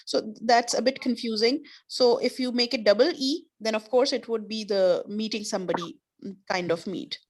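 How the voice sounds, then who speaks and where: A woman's voice: a little high, moderate pace. A woman teaching an online class, explaining patiently with repeated examples. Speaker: English teacher.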